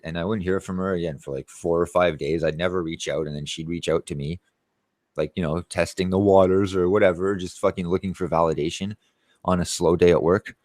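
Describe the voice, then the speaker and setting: Low-voiced man telling a profane story. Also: dry recording. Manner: profane, rambling, quotes people in raised voices. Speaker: channel host. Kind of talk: casual storytelling monologue.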